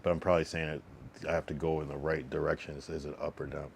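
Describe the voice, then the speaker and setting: Low-voiced man muttering pronunciation practice. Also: level tone, fast, gravelly, slight background noise. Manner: repeats a phrase over and over to practice pronunciation. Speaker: streamer. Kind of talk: casual livestream chat.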